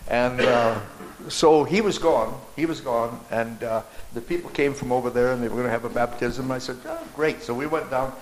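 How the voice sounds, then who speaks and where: An older man, a missionary pastor, telling a testimony story in a rambling, halting way with many restarts. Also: mid-range voice, fairly even intonation, a little hiss or hum, low-quality recording.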